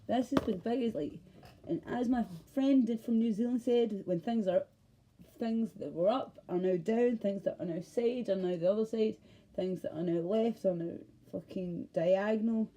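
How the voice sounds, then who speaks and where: A woman's voice: mid-range voice, normal speed, warm tone. A Scottish woman ranting to camera in a heated, rambling way, swearing and cutting herself off mid-thought. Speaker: vlogger. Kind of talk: casual ranting monologue to camera.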